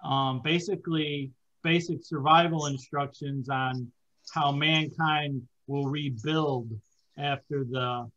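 A man's voice: on the high side, steady tone, takes it slowly, a bit bright, highs cut off. Rambling podcast host, a man. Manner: rambling, many fillers and hesitations. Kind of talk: casual chat.

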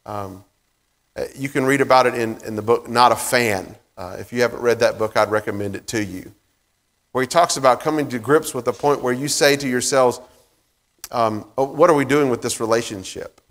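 A man's voice: medium pitch, moderate pace, fairly bright tone. A man preaching a sermon in a casual, conversational way, with many fillers and restarts. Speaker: pastor. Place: church sanctuary. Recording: long reverb of a church hall.

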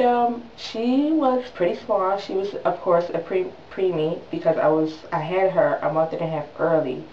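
A young woman in her twenties telling a story in a casual vlog, animated and dramatic, with quick voiced asides. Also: fairly low pitch, a little hiss or hum. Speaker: new mother vlogger. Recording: distant mic in an echoey room, dull sound.

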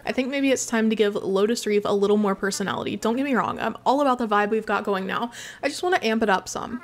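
A woman's voice: mid-range voice, close to an everyday voice. A woman reading as a cheerful female gorilla villager. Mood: upbeat. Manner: reads the game's dialogue aloud quickly.

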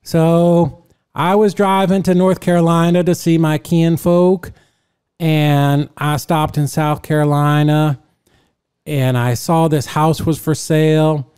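Old rural Florida man, put on by a man telling a story, slow and mumbling, drawn-out words. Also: a little high, a little mellow, clean tone. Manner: slow, mumbling as if marbles in his mouth.

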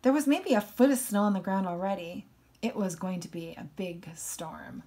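A woman teacher reading a novel aloud with expression, in a voice of ordinary pitch. She pauses now and then to comment on a passage and explain it to her students. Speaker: English teacher.

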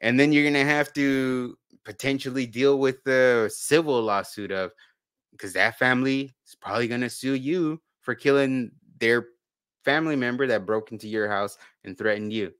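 A man with a bright, clear, smooth voice co-hosts a casual talk. He rambles, repeating and restarting his words. The sound is dry and close. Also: medium pitch, moderate pace, no echo. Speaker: podcast co-host. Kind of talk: casual conversation.

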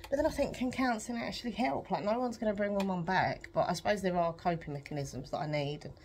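A woman's voice: medium pitch, fast, darkish tone, a little hiss or hum. A woman chatting candidly to camera at home while pedalling an exercise bike, rambling and emotional with frequent laughs. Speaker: vlogger. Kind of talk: rambling personal chat to camera.

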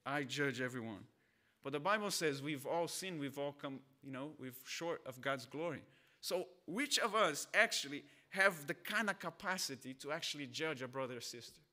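A man's voice: on the high side, animated, moderate pace, pushed and bright. A man from Brazil, a pastor, preaching a sermon in a conversational, storytelling way. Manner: conversational, storytelling with acted voices.

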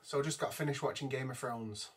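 A man's voice: mid-range voice, fairly quick, breathy edge. A man giving an exasperated, profane rant reviewing a TV episode from his notes. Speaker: vlogger. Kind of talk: ranting TV review.

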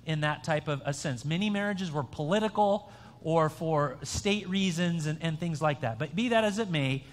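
In a church sanctuary full of long hall reverb, a male pastor with a fairly high voice speaks at a normal pace. His sermon is conversational and includes an interactive quiz, and he chats and jokes with the young people while restarting his sentences often.

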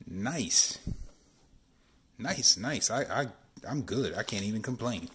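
A man, chatting excitedly while opening sports card packs at home and keeping his voice down. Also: on the low side, slow pace, slight background noise. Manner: excited, chatty, says y'all often; keeping voice down while kid sleeps. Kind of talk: casual card-opening vlog. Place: home, at night.

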